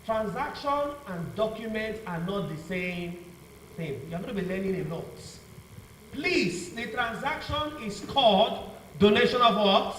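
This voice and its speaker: A man's voice: sits high, animated, measured pace, fairly bright tone, slight background noise. A male law teacher giving a revision lecture, asking the class to finish his sentences with "what?". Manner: call-and-response questioning, repeats "what?" for the class to fill in. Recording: echoey room, mic far off, faint ambience.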